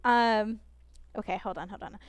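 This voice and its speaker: A young woman streaming a game, talking fast and expressively, rambling with lots of fillers and restarts. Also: mid-range voice, steady tone, smooth, no echo. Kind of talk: casual chat while gaming.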